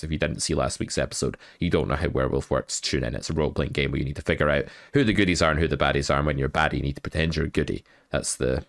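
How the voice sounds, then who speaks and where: A man's voice: rumbling low, dry recording, studio quality. A man from the west of Scotland, co-hosting a podcast in casual, reflective chat, explaining his points with examples. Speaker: podcast co-host.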